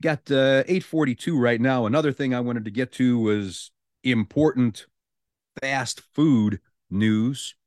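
A man's voice: mid-range voice, steady tone, moderate pace, darkish tone, dry recording. A male radio show host, chatting casually on a studio mic and reading out the news with amused asides. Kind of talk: morning radio talk.

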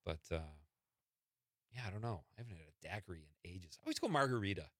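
A man's voice: deep voice, animated, fast, a bit bright, dry recording, clean studio sound. A man hosting a late-night radio show, chatting easily and laughing often as he reads listener texts. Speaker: radio host. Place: radio studio.

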